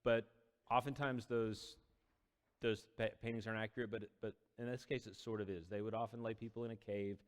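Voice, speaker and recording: A man's voice: lowish voice, steady tone, a little fast, clean tone, long reverb tail. A man casually retelling a Bible story as a teacher, conversational with quoted dialogue. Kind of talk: casual Bible study talk.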